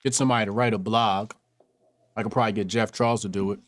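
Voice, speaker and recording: A man hosting a casual live stream, blunt and quick to laugh, making pointed political remarks. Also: lowish voice, steady tone, slight background noise.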